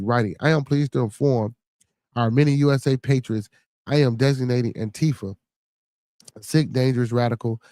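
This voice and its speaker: On his podcast, a Chicago-accented host with a warm, mid-range voice talks casually in a rambling, profane way and reads news stories aloud. There's no room sound.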